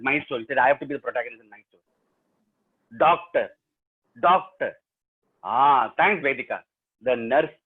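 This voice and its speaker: A man with a slightly high, breathy voice and an Indian English accent tells students a story animatedly during a remote webinar, quizzing the audience throughout. He's a professional storyteller working from a home setup, and the video call audio comes through tinny.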